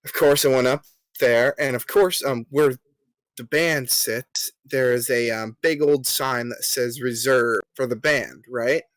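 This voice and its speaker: A young man tells a story on a casual podcast, pausing on ums and acting out what others said. His voice sits in a middle range and sounds dry and close. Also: mid-range voice, steady tone, no room sound. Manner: filler-heavy, polite, acts out quoted lines. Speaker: podcast co-host.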